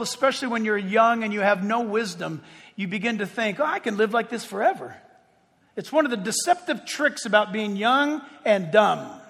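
Male pastor with a very high voice, emphatic preaching with loud-to-hushed swings, long hall reverb. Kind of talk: sermon.

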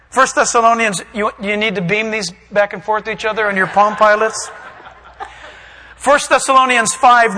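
A man preaching a sermon, reading verses and acting out scenes with shouts and put-on voices. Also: sits high, in a large hall, poor audio. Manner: animated, acts out voices and shouts for emphasis.

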